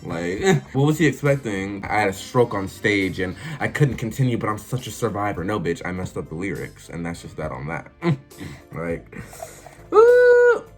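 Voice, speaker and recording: A young man, telling funny stories in a casual, animated vlog full of swearing and laughter. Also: deep voice, moderate pace, soft background music. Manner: animated, swearing, laughing, acts out voices and sings snatches. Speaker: vlogger. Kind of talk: casual storytelling.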